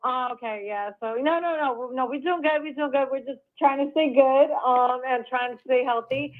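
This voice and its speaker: A woman in her thirties from Brooklyn calling into a show, excitable and rambling, with slangy casual speech. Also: high voice, normal speed. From Brooklyn, New York. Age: 30s. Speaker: caller. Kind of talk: casual phone call. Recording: phone line.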